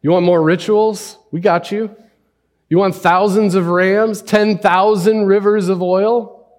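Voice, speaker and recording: Man acting out a sarcastic defender, mocking, incredulous, high strained pitch, loud. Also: fairly even intonation, takes it slowly. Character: sarcastic exasperated man pleading his defense.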